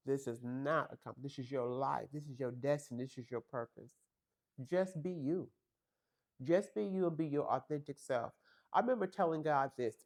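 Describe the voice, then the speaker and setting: Emphatic woman preaching a pep talk. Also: low voice. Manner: talks straight to women listeners, calls them girl and honey. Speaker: podcast host. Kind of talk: faith-based motivational talk.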